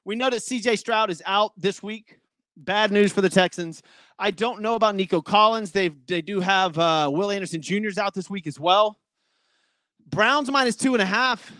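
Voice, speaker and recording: High and bright, with a forceful edge, this man's voice moves at normal speed on a dry recording with no room sound. He hosts a sports podcast, loosely chatting about matchups and bets, breathing heavily and apologizing over glitches.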